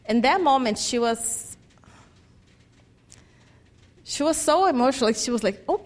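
A woman's voice: on the high side, moderate pace. A woman from Brazil, sharing a personal testimony about a mission trip and acting out the dialogue she recounts. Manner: animated storytelling, acts out quoted dialogue, non-native phrasing. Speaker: church mission trip member.

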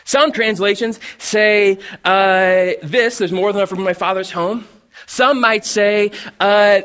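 A bright-toned male pastor with a high voice, talking through his sermon in a loose, conversational way. He stumbles and restarts often and acts out little asides as he goes. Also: moderate pace. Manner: conversational, animated, with many restarts and acted-out asides. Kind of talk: casual sermon.

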